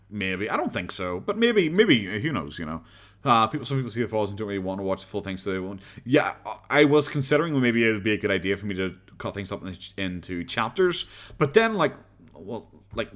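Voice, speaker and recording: A man's voice: on the low side, a bit bright. A man with an Irish accent chatting casually on a live stream, rambling, laughing often and swearing freely as he reads comments.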